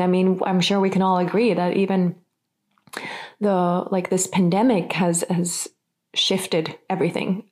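A woman's voice: lowish voice, darkish tone. A woman from Nordic Europe co-hosting a casual chat, rambling with many fillers and frequent laughter. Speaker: podcast co-host.

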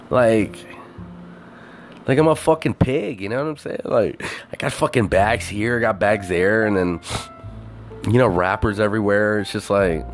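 A man with a fairly low voice tells a story as a loose, expletive-heavy rant. He keeps throwing in "like" and "you know" as he goes. Faint music plays behind him. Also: moderate pace. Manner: animated, heavy swearing, many fillers.

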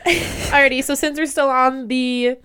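A woman's voice: high-pitched, steady tone, measured pace, fairly bright tone, slight background noise. A woman co-hosting a casual chat, giggly and gushing, swearing freely. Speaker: co-host.

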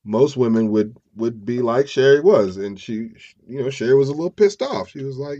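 A man's voice: a little high, moderate pace, warm tone, highs cut off. A man hosting a podcast, retelling a story casually with profane slang. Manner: profane, slangy, chuckling asides. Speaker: podcast host. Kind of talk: casual true-crime storytelling.

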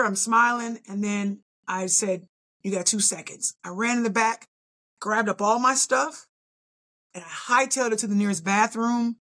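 Her voice a little high, a middle-aged woman who does bodybuilding relates her story on a podcast. The tone is loose and lively, and she performs her own reactions along the way.

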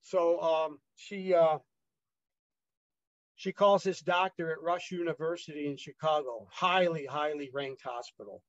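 A man's voice: on the high side, unhurried, no echo, muffled recording. A man being interviewed, telling his own story in a loose, rambling way, with many fillers and restarts as he re-enacts the dialogue. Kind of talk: casual conversational storytelling.

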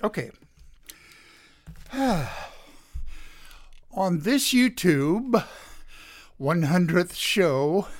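A radio show host giving a casual opinion monologue from home, halting with many filler pauses. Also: medium pitch, no echo, studio quality.

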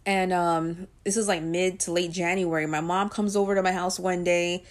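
A woman's voice: lowish voice, fairly even intonation, normal speed. Woman vlogger, chatty personal storyteller, loose and conversational with plenty of filler words. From Guyanese and Puerto Rican heritage. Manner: chatty, with frequent ums and likes.

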